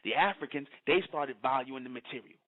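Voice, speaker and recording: A man's voice: medium pitch, a little fast. A man from the United States giving a preachy monologue, lecturing and checking again and again that the listener understands. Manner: lecturing, keeps asking "you understand?". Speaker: commentator. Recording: tinny phone-like sound.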